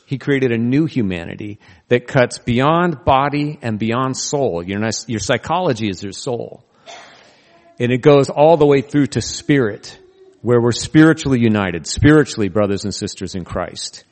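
A man's voice: mid-range voice, lively intonation, a little slow, darkish tone. A male pastor preaching a sermon, telling stories earnestly with touches of humor. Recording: long reverb of a large hall.

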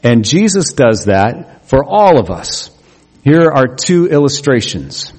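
A man preaching a sermon as a pastor, conversational and humorous, with quick asides. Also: medium pitch, very animated, a little mellow. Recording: echoey hall with long reverb.

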